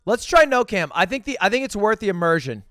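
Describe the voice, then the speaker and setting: High-voiced, lively young male streamer. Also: dry recording, clean studio sound. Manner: energetic, joking, quick to laugh. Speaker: streamer hosting a virtual talent show. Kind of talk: casual livestream chat. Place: home streaming setup, playing in VR.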